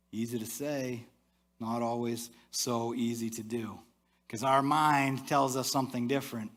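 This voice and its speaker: A male pastor preaching a sermon in church, talking to the congregation in a conversational way and dropping to a soft, low voice for asides. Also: fairly even intonation, measured pace.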